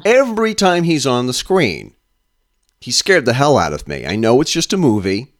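A man's voice: medium pitch, sing-song, normal speed. A man hosting an interview, asking long, rambling questions with a fan's enthusiasm. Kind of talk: casual interview.

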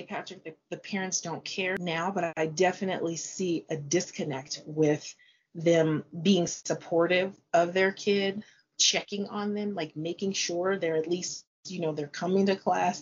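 Speaking in a lowish, slightly rough voice, a middle-aged teacher chats informally in an interview, vividly acting out classroom dialogue. The recording has its highs cut off.

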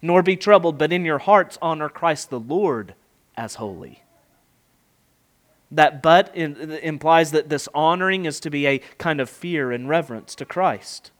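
A man's voice: fairly high pitch, measured pace. A middle-aged man preaching an expository sermon, emphatic, with rhetorical questions and rising and falling delivery.

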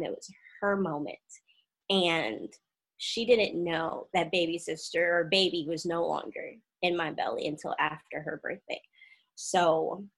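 A woman's voice: lowish voice, low-quality recording. A young woman candidly telling a personal story, emotional and open, acting out the voices of people she quotes.

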